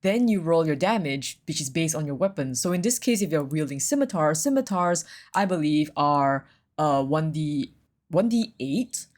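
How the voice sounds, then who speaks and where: Deep-voiced woman walking folks through dnd rules, patient and steady. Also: normal speed. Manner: patient, explanatory. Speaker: player explaining rules. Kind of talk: explaining game rules.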